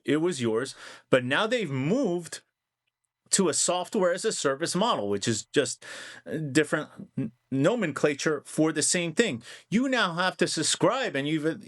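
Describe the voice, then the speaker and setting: A man's voice: a little high, a bit bright. A man giving casual vlog commentary on finance, conversational and rambling, often correcting himself mid-sentence.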